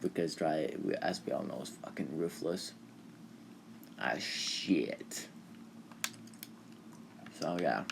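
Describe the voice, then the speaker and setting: A man's voice: very deep voice, lively intonation, takes it slowly, gravelly, pauses often, background noise. A young man casually retelling a fan-made anime story while playing a video game, full of fillers, restarts and offhand swearing.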